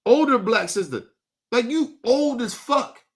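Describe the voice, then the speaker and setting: A man's voice: extremely high pitch, expressive, a little slow, a bit bright. A man hosting an online talk show, giving blunt, profane commentary and often asking "right?". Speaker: show host. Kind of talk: casual commentary.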